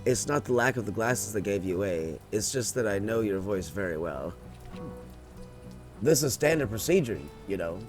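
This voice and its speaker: A man's voice: lowish voice, animated, moderate pace, soft background music, close to an everyday voice. A man reading out the lines of a secretive male agent who admires his old colleague, with small stumbles as he reads. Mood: friendly.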